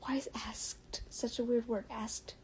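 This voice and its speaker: Young American woman, warm mellow tone, casual read-aloud streamer who stumbles, giggles and whispers now and then. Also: fairly high pitch, a little slow, a little hiss or hum, rough recording. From United States. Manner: stumbles over words, giggles, drops into soft whispers. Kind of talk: reading fan fiction aloud on a livestream.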